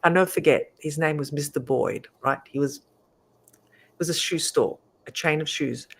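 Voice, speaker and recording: A middle-aged woman, a guest, telling a story in a lively, animated way and laughing often. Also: low voice, moderate pace, slightly rough. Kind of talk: casual storytelling.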